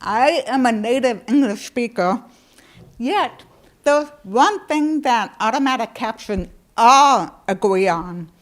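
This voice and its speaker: Slow-talking woman presenter, wry. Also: a little high, animated. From United States. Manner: wry, self-deprecating, laughing. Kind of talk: conference presentation.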